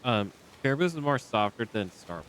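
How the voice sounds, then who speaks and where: A man's voice: medium pitch, sing-song, a little fast, a bit bright, a little hiss or hum. A man streaming a video game, chatting casually and rambling with many ums into a desk microphone. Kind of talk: casual live-stream chat. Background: faint game music.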